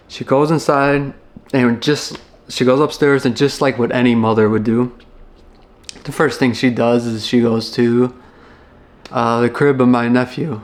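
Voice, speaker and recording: Telling a story from his own life, a young Chicago man who used to be a firefighter speaks in a steady, ordinary mid-range voice. His earnest, unpolished delivery is reflective and halting, full of restarts, pauses, and fillers.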